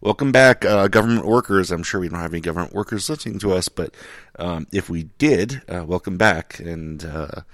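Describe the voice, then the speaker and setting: Low-voiced sardonic man hosting a podcast. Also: fairly quick, fairly bright tone, dry recording, studio quality. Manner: sardonic, profane and rambling, with many fillers. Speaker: podcast host. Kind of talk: casual chat. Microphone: studio microphone.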